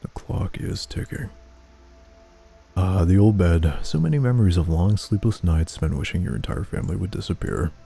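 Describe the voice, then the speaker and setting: A man's voice: deep voice, lively intonation, moderate pace, vocal fry, mellow. A young man playing a game, reading its text aloud and making crude, sardonic remarks. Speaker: let's play gamer. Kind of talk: casual game commentary and reading.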